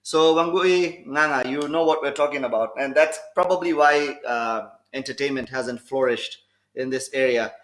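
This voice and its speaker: A man co-hosting a casual podcast livestream, switching between English and Swahili and reading out viewer comments in a relaxed way. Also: mid-range voice, normal speed. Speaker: podcast co-host and DJ. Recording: echoey room.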